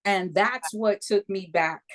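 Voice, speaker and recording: Here a medium-pitched woman takes her time, speaking slowly. She is an American in her fifties and a Reiki practitioner, appearing as a guest who tells a personal story in an interview, acting out voices with animation and frequently checking in with "okay?".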